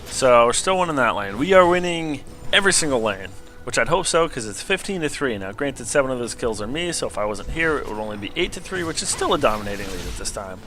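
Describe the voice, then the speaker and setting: Young guy casting his own game replay, bright sharp voice, gets hyped at fights, faint music behind. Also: fast talker. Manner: excitable, jumps up in pitch at big plays. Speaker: gameplay commentator. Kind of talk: casual game commentary.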